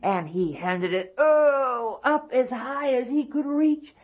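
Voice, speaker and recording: A woman telling a folktale aloud, animated, with hushed, drawn-out endings. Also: high voice, highs cut off. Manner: animated, dropping to hushed asides. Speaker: storyteller. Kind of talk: folktale storytelling.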